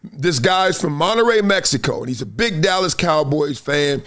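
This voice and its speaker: A man's voice: fairly high pitch, lively intonation, moderate pace, a bit bright. A middle-aged man hosting a live sports talk stream, telling stories with emphatic delivery and acted-out quotes. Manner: storytelling, acts out quoted voices, emphatic. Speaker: host.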